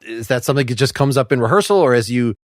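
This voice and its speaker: A man's voice: mid-range voice, animated, rapid-fire. A man hosting a music podcast, asking long, meandering questions in a casual, inquisitive way. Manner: inquisitive, rambling questions with frequent laughs. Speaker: podcast host. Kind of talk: casual interview chat.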